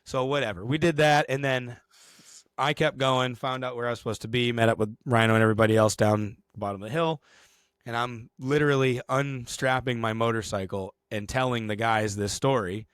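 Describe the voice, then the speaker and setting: A man's voice: mid-range voice, brisk, clean tone, no room sound. Profane storytelling man. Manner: animated, profane storytelling with shouted acted quotes. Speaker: podcast co-host. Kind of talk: casual storytelling.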